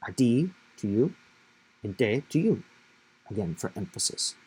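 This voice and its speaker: A man's voice: lowish voice, sing-song, unhurried, a little mellow, slightly rough. Male Spanish teacher explaining step by step. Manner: patient, step-by-step explaining with emphatic stresses. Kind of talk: grammar lesson explanation.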